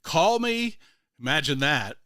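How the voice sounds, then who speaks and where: Bright, rambling older male radio host. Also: fairly high pitch, sing-song, slow, no room sound, clean studio sound. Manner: rambling storyteller with many restarts and fillers. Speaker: morning show host. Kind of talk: casual radio chat.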